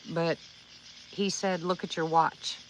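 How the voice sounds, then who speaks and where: A woman's voice: fairly low pitch, flat delivery, takes it slowly, a little hiss or hum, rough recording. A woman livestreaming outdoors at night, telling a personal story to her viewers in a rambling, earnest way, with many restarts. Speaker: livestream vlogger.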